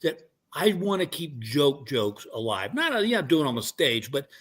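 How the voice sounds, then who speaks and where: A man's voice: a little high, big pitch swings, moderate pace, fairly bright tone, husky. An older man, a guest comedian, telling stories in casual chat and rambling with many restarts.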